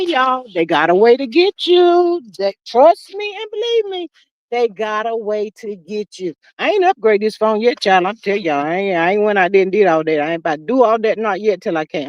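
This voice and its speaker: A middle-aged woman hosting a livestream, chatting casually with viewers and reading their comments in an animated, talkative way. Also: sits high, no echo, muffled recording. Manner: chatty and animated, calls viewers "child" and "y'all". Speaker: livestream host. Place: sitting outdoors.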